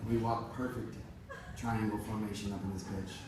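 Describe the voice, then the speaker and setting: A man telling a comic story on stage in a live venue, animated and profane, with frequent asides to the audience. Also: on the low side, normal speed. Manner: animated, profane, playful, talks straight to the audience. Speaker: musician telling stories on stage. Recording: echoey venue, distant mic, audience noise.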